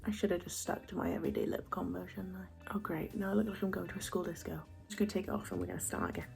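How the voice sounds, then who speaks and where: A young woman chatting casually through a makeup routine, soft and often half-whispered, chatty and self-mocking. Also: fairly low pitch, big pitch swings, racing, vocal fry, music in the background. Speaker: beauty vlogger.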